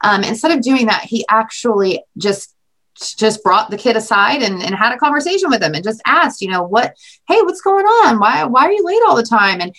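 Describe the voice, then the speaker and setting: A woman's voice: fairly high pitch, a bit bright. Gushing, enthusiastic woman podcast co-host. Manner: gushing, enthusiastic storytelling with frequent "like". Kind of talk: casual podcast chat.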